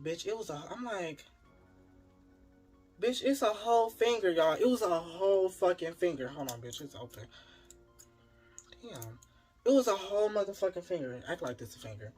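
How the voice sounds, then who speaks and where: A man's voice: high-pitched, moderate pace, soft background music. A man telling a wild personal story in a casual, profane style, talking straight to his viewers. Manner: animated, profane, talks to viewers as y'all.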